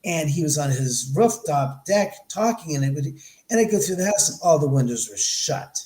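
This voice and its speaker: A middle-aged man from Los Angeles, a podcast guest, telling a story in an animated way and acting out the people he quotes. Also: on the high side, moderate pace. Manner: animated, acts out quoted dialogue. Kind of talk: storytelling in an interview. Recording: echoey room.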